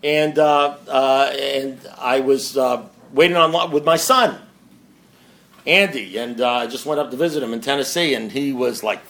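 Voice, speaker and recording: A man with a medium-pitched, gravelly, slightly bright voice tells an unhurried story at a recovery meeting. His share rambles, pokes fun at himself, and is full of asides to the listeners.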